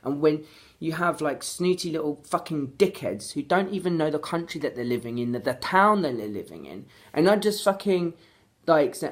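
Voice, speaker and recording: A woman's voice: deep voice, lively intonation, normal speed. Angry swearing London woman ranting. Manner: frustrated, swears heavily, repeats herself. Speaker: vlogger. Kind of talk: angry vlog rant.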